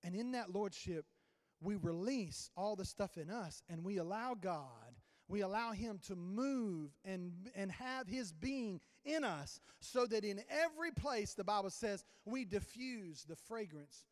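A man preaching a sermon as a pastor, telling a story with sudden swings in loudness. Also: high voice, lively intonation, a little slow. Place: church sanctuary. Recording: long church reverb.

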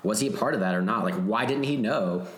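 A man co-hosting a podcast, chatting about a movie in an animated, casual way and swearing freely. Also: fairly low pitch, fast, roomy sound. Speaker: podcast co-host. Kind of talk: casual movie recap chat.

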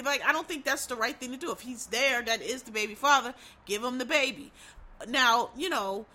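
A woman's voice: sits high, pushed and bright. A middle-aged woman giving a blunt, profane, emphatic rant about a TV show. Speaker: TV show commentator. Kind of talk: casual commentary rant.

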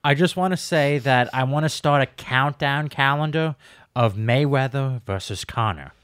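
A man's voice: mid-range voice, normal speed, a bit bright, no echo, studio quality. A man co-hosting a podcast in casual chat, laid-back, laughing often and giving short replies. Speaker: podcast co-host.

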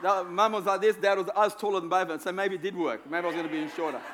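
A man's voice: sits high, fairly even intonation, rapid-fire, noisy background. A man preaching a sermon in a conversational, self-deprecating way, repeating phrases for emphasis. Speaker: pastor.

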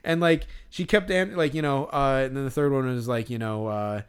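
Chatty man telling a story, mid-pitched. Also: steady tone, moderate pace, smooth. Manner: chatty storyteller, laughs while talking, mimics others. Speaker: podcast co-host. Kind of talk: casual chat.

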